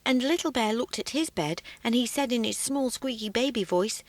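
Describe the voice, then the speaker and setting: A woman reading a fairy tale aloud for children in an expressive, sing-song way. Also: on the high side, moderate pace, few pauses, a little hiss or hum. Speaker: storyteller. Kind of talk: children's story narration.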